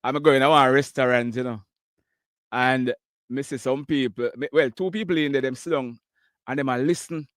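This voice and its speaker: A man's voice: mid-range voice, steady tone, normal speed, dry recording, clean studio sound. A Jamaican man hosting a live call-in news show, chatting in a mix of patois and English and laughing often. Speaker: live news show host taking callers. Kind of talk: casual call-in chat.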